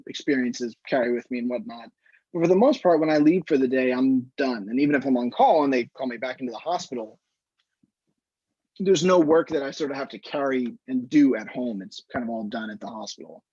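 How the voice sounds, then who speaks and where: A man, an anesthesiologist, giving measured, explanatory advice to students in a casual online Q&A over a video call. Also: medium pitch, a little mellow, husky, no room sound. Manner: measured, explanatory, frequent "standpoint" phrasing. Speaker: anesthesiologist answering student questions. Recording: muffled, slightly lo-fi video call audio.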